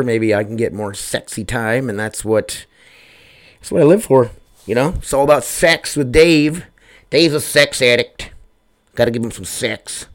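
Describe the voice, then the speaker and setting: A man hosting his own podcast, talking casually and rambling, often losing his train of thought and poking fun at himself, recorded on a home microphone setup. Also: medium pitch. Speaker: podcast host. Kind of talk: casual solo podcast monologue. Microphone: desk microphone.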